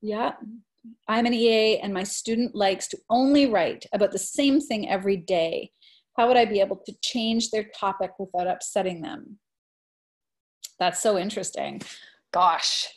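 A woman presenting on education in a webinar, answering questions earnestly and reflectively, warming into animated storytelling. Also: medium pitch. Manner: earnest, reflective, often hedging with "I think"; grows animated when retelling classroom stories. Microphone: video call.

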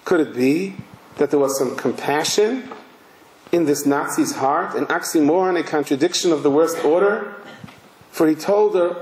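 A male rabbi giving a sermon, telling a story slowly and emphatically. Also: fairly high pitch, a little mellow. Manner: slow, emphatic, vivid narration. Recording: roomy hall echo.

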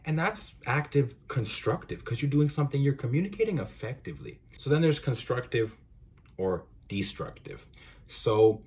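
A young man hosting a podcast, talking through course ideas in a relaxed, conversational way with frequent asides. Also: medium pitch. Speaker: podcast host. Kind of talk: casual explainer monologue.

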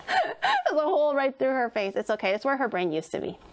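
Giggly high-voiced woman streamer. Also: huge pitch swings, brisk, background noise. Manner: hesitant, giggly, stammering when insulting. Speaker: VTuber streamer. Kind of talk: casual stream chat, playful role-play.

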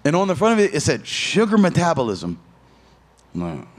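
At a media day interview, a fighter in his thirties tells stories in a loose, profane manner, full of lively voiced asides. He speaks briskly in a slightly high voice.

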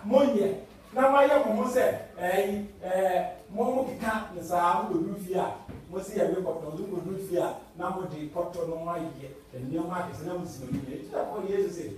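A Ghanaian elder preaches with a high-pitched voice that leaps from sudden loud cries down to low murmurs. He mixes English and Twi. The sound is a distant, roomy church recording with heavy echo. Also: moderate pace. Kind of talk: sermon. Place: church sanctuary. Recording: echoey hall, voice from far off.

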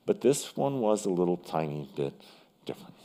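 A man's voice: sits low, sing-song, normal speed, warm tone. A man preaching a sermon in a church as pastor, in a conversational, vivid storytelling manner.

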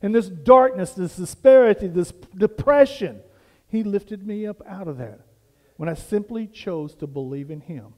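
Pastor guy preaching, kinda high voice, long echo in the church. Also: lively intonation, moderate pace, a little mellow. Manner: preaching with rising emphasis and repeated questions. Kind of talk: sermon. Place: church sanctuary.

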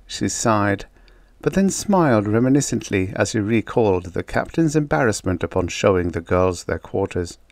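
A man narrates a vintage science fiction short story in a measured, storytelling style. His pitch moves expressively. The recording is dry and close. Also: animated, a little mellow, no room sound. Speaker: audiobook narrator.

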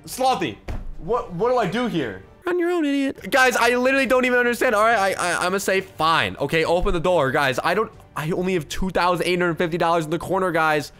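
A man doing excitable gameplay commentary as a video host, swinging from hushed murmurs to loud squeals. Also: high voice, fast talker, few pauses, faint music behind. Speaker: gaming YouTuber.

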